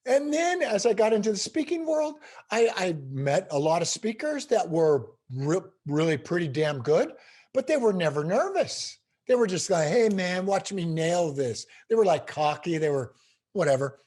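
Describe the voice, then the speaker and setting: A man's voice: high voice, sing-song, normal speed, darkish tone. A middle-aged man, a guest speaker on a video call, telling a story with building intensity. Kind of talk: storytelling interview answer.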